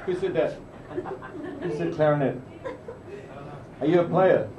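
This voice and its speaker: A man doing stand-up in a pub, with a dry, rambling, deadpan delivery. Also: a little high, a little slow. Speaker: stand-up comedian. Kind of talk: stand-up comedy. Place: pub comedy club. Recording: muffled distant echoey room recording. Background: room noise.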